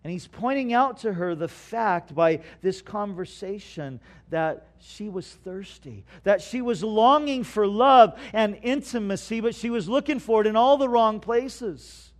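A man preaching a sermon, reading scripture aloud and explaining it earnestly, swinging between loud stresses and hushed asides. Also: high-pitched, animated, a little slow, few pauses. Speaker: pastor.

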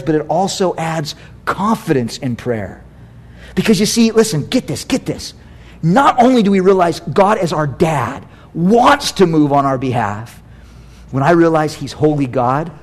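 A middle-aged American pastor delivering a sermon in a high voice that leaps up and down. He preaches in a chatty, animated way and drops in playful asides.

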